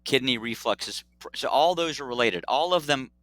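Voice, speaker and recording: A middle-aged man, a doctor, telling a story in a casual interview, animated and acting out dialogue. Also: mid-range voice, moderate pace, no room sound. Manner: animated, acts out dialogue, laughs often. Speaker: pediatric urologist guest.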